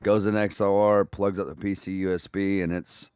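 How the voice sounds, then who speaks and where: A laid-back man talks about his gear, a touch hesitant. His voice is deep and smooth, recorded dry and close. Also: flat delivery, normal speed, darkish tone, dry recording. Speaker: guest. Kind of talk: casual chat.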